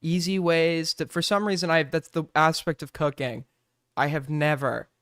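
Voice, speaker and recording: A man's voice: on the high side, fairly even intonation, normal speed, fairly bright tone, dry recording, clean studio sound. A young man giving crude, sarcastic casual commentary as he reacts to clips, swearing freely. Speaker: streamer reacting to videos.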